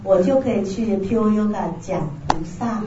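A woman interpreting a talk phrase by phrase, quick and plain, echoing the speaker's tone. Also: mid-range voice, warm tone, slight background noise. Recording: distant, roomy, dull lo-fi sound with faint ambience.

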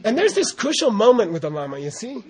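An American man giving an informal Buddhist teaching, rambling and animated, often laughing and saying "you know". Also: sits high, quick pace. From United States. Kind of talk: informal dharma talk.

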